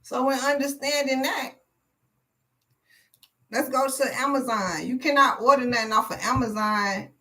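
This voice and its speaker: A woman's voice: high voice, unhurried, long pauses, sharp tone, low-quality recording. Woman, live tarot reader; blunt, preachy, swears freely.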